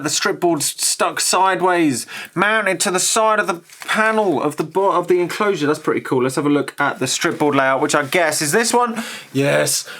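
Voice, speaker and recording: Male host, higher-pitched, casual and enthusiastic, reads tech text aloud and riffs on it. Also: fairly bright tone. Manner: enthusiastic, chatty, musing asides. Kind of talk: reading aloud and commenting on an old magazine.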